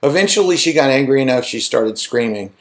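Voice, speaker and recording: A man's voice: mid-range voice, animated, a little fast. A man lecturing in a conversational way, posing rhetorical questions to his students. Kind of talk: recorded lecture.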